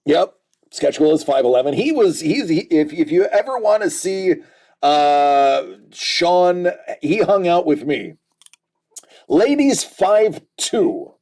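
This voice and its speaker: A man in his forties hosts a relaxed livestream, reading out chat comments and riffing on them with dry jokes. His voice sits a little on the high side. He talks at a slow, easygoing pace. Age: 40s. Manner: joking, reads chat comments aloud and riffs on them.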